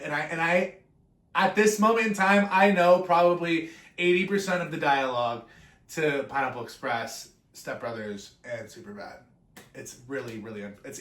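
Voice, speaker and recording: A man's voice: mid-range voice, reverberant. A man in his twenties giving a rambling, profane vlog intro full of tangents. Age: 20s. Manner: tangent-prone, profane, animated. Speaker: vlogger.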